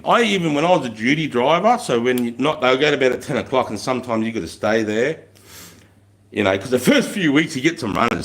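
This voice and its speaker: An Australian man in his thirties, a former army instructor, telling stories in a casual live stream with blunt, heavily profane speech. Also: on the low side.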